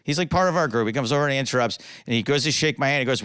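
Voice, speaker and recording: Male comedian guest, medium pitch, lively raconteur who voices the quotes in his stories. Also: racing, hardly any pauses, slight background noise. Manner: animated, self-deprecating anecdotes with voiced quotes. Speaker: podcast guest, comedian and poker commentator. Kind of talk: casual storytelling interview.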